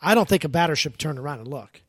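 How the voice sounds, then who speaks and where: A man's voice: on the high side, lively intonation, fast talker, a bit bright. A man co-hosting a casual sports talk show who pushes his point with pointed questions. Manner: argumentative, questioning. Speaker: co-host.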